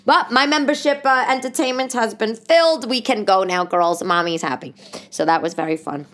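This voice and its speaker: A woman's voice: lowish voice, fairly quick. A woman in her thirties hosting a casual solo podcast, rambling through stories and acting out other people's voices. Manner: animated, rambling storyteller who acts out voices. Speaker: podcast host.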